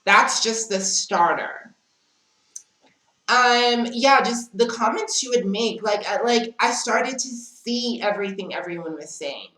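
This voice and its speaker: A woman's voice: fairly high pitch, unhurried, pushed and bright, roomy sound, low-quality recording. A woman telling a dramatic storytime in casual chat, often calling the listener "girl". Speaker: storytime vlogger.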